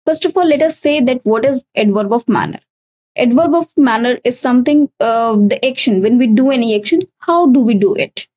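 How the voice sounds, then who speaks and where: Woman, Indian English accent, fairly high pitch, grammar teacher, patient step-by-step explaining, repetitive. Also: animated, a little fast, darkish tone, poor audio. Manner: explanatory, repeats key points, frequent "okay" and "uh". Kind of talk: recorded exam-prep lesson.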